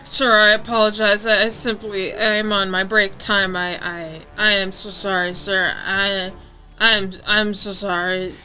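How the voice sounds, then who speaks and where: A woman voicing a flustered, low-ranking soldier who stammers and pleads with repeated apologies. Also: little pitch movement, a little slow, bright, forceful tone, soft background music, low-quality recording. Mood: flustered, pleading.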